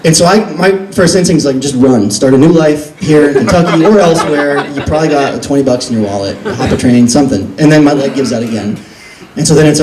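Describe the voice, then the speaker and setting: A man with a somewhat high voice tells a self-mocking story at a live reading, animated and swearing freely. The sound is roomy and echoey, picked up from a distance. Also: fairly quick, noisy background. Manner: animated, self-deprecating, profane. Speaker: author reading from his book. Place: record store reading event. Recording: roomy echo, distant mic.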